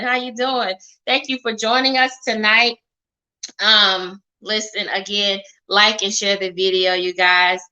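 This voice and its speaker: A woman's voice: mid-range voice, fairly even intonation, measured pace, bright, forceful tone, muffled recording. A woman hosting a live-stream talk show, chatty, hyping up her viewers and saying okay and y'all often. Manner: chatty, hypes the audience, says y'all and okay a lot. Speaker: show host.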